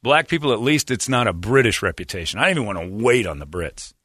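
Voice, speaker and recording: Fast and lowish, with a breathy edge, this American radio host in his forties is recorded in clean studio sound without echo. On his casual talk show he tells animated stories, mimicking accents and other voices.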